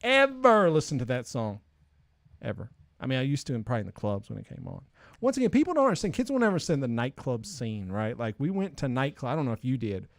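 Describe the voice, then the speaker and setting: A man in his forties hosting a casual podcast chat, ranting with animated opinions. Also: mid-range voice, quick pace, dry recording, studio quality. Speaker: podcast host.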